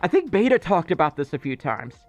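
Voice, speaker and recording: A man's voice: a little high, very animated, brisk, muffled recording, faint music behind. A man hosting a casual livestream, chatting loosely and reading viewer messages aloud, with many fillers and asides. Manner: rambling and chatty, with filler words. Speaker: livestream host.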